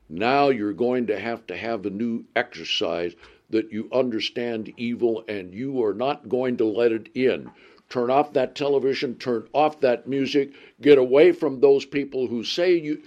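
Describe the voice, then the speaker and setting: A man preaching a sermon, pressing his points with rhetorical questions and drawn-out stresses. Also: medium pitch, a little mellow. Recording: dull lo-fi recording.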